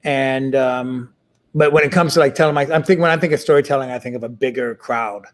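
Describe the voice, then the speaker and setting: A middle-aged man talking casually as an interview guest, with many fillers and restarts. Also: mid-range voice. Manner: halting, full of fillers and restarts.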